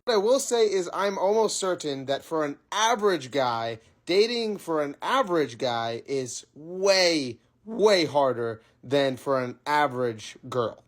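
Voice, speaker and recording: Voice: mid-range voice, lively intonation, a little slow, hardly any pauses. A speaker giving casual, opinionated commentary.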